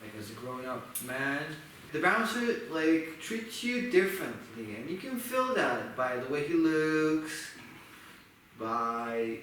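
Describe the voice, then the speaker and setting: A young man with an Israeli accent, a musician telling stories of growing up in a loose, animated way. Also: fairly high pitch, slow pace. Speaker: musician sharing his story. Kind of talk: casual conversation. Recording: echoey room, from far off, faint noise.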